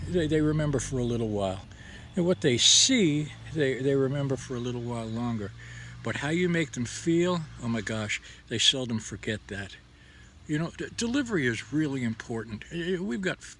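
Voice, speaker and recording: A middle-aged man talks in a folksy, rambling way about faith, stumbling over his words and restarting. His voice is bright and forward, pitched in an ordinary middle range. A faint hum of outdoor ambience sits behind him. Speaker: host. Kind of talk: casual devotional talk. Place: outdoors under a tree.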